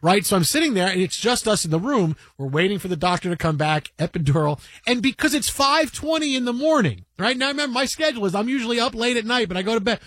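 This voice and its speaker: A man in his forties talks sports on the radio from a studio, his voice sitting high and lively. He tells stories animatedly, repeats himself and acts out the people in them, all close on a dry, close studio mic. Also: fast, few pauses, dry recording. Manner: animated storyteller who acts out quotes and repeats words.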